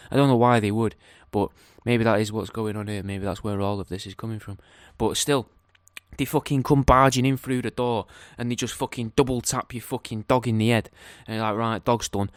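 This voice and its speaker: A man's voice: medium pitch, clean tone, no echo, clean studio sound. A man rambling through a profane, comically speculative solo rant. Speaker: podcaster giving a daily update.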